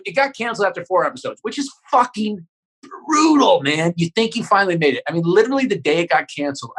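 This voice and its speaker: A man's voice: a little high, a bit bright, slightly rough, rough recording. A man who is a comedian guest on a podcast, telling a story in casual chat, rambling and swearing with many restarts.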